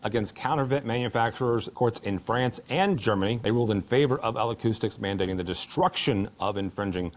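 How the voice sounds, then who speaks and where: A man hosting a podcast, reading industry news in a steady scripted delivery. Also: lowish voice, brisk, few pauses. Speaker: host.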